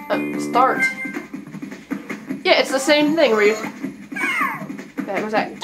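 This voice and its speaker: A woman reviewing video games in casual commentary, exasperated and sarcastic, laughing in disbelief at what she plays. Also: on the high side. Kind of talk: casual commentary over gameplay. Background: game music.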